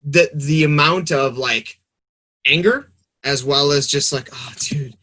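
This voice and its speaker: A young man talking casually on a podcast, animated and rambling, swearing freely. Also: a little high, unhurried. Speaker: podcast guest. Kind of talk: casual chat.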